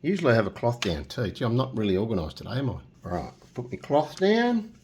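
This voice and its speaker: Over a noisy background, a medium-pitched male voice runs fairly quick and very lively. He's a middle-aged man hosting an informal painting tutorial, talkative and jokey, humming nonsense tunes as he paints.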